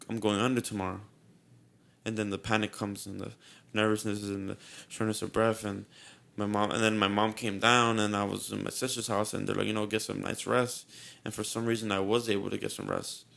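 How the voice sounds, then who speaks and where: Young man, gravelly voice, flat delivery, rambling casual storytelling, nervous and shaky. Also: lowish voice, moderate pace. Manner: rambling, repeats himself, says "like" a lot. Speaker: podcast co-host.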